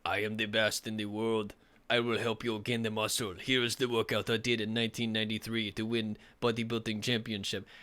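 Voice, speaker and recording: Brief: a man putting on a boastful Austrian muscleman voice, slow, heavy and self-important, deliberately bad. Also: on the low side, level tone, a bit bright, clean tone, lightly acted. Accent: bad put-on Austrian German. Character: boastful male bodybuilder-actor impression.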